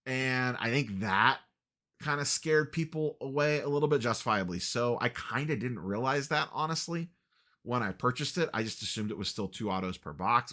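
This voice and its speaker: A man's voice: fairly low pitch, pushed and bright. A man hosting a casual sports card market update, talking in a dry, wry, self-deprecating way with lots of "uh" fillers. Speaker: sports card channel host.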